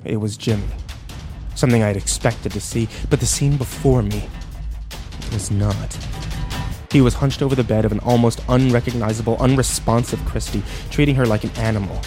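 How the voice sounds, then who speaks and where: A man's voice: medium pitch, fairly even intonation, brisk, over music. Man narrating a tense first-person story.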